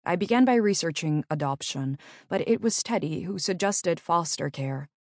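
A middle-aged woman narrating her own memoir in an earnest, measured storytelling manner. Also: lowish voice, expressive, a little mellow, dry recording, studio quality.

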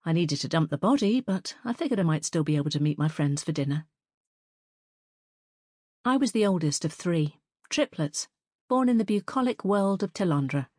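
A woman narrating a first-person fantasy story as an audiobook reader, in a measured, even storytelling manner. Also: lowish voice, dry recording, clean studio sound.

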